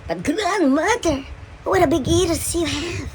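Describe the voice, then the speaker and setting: A woman squeaking as a frightened little girl in a red hood. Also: a little slow, a little hiss or hum. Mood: pleading. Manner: squeaky, high and pleading.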